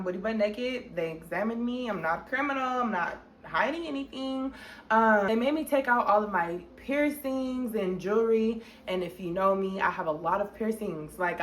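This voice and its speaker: Casual young woman storyteller, mid-pitch, very expressive, talking right to the camera. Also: a little hiss or hum. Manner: animated and profane, talks straight to viewers; jumps to loud half-laughing, half-crying outbursts when replaying scenes. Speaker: storytime vlogger.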